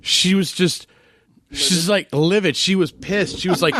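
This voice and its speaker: A man's voice: high-pitched, unhurried, pauses often, fairly bright tone. A man co-hosting a podcast, telling a story in a loose casual way, swearing now and then and using lots of fillers. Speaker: podcast co-host.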